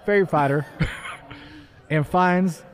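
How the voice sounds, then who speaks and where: A man's voice: a little high, slow, voice pushed up. A man putting on an exaggerated Southern drawl to read a book blurb aloud, stumbling over long words. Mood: hammy drawl. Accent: put-on American Southern.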